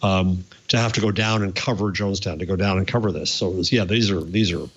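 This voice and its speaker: An older man on a casual panel, speaking in a halting, reflective way with many fillers. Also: low voice, breathy edge, dull audio.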